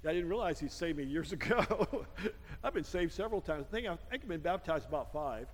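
Guy pastor preaching, high voice, church echo, a little guitar behind him. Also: lively intonation, brisk, slight background noise. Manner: storytelling with laughs, rising to loud prayer. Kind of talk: sermon. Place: church sanctuary.

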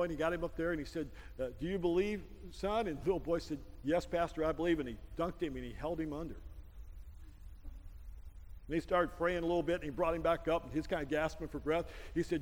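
A male pastor preaching a sermon, telling stories with a laugh and building to a loud prayer. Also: fairly high pitch, fairly quick, big-room sound. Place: church sanctuary.

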